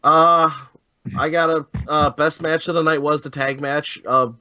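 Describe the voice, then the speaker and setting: A man calling in to a show, speaking haltingly and hesitantly with many fillers. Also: fairly high pitch, fairly even intonation, pushed and bright. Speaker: caller. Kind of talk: call-in show chat.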